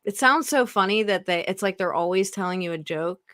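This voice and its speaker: A woman's voice: medium pitch, a little fast, fairly bright tone, no echo, clean studio sound. A woman from Pittsburgh with a Pennsylvania accent, chatting casually as a podcast guest, full of "like" fillers and the odd swear. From Pittsburgh, USA. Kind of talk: casual chat.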